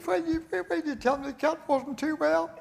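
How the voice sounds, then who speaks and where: A woman's voice: high-pitched, fairly quick, vocal fry, darkish tone, voice pushed up. A man voicing an upset, grieving wife who complains reproachfully. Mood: scolding.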